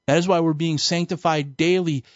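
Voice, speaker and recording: A man's voice: a little high, steady tone, moderate pace, no echo. A man giving a sermon-style Bible teaching lesson, emphatic and colloquial, weaving in stories. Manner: emphatic, colloquial preaching with storytelling. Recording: dull, dry recording.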